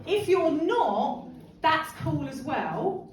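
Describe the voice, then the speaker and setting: High, lively woman in an echoey hall. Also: very slow, slight background noise. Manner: animated, chatty, laughs often, asks the room questions. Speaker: empowerment speaker running a workshop. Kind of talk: lively workshop talk to a group. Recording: echoey hall from far off, crowd behind.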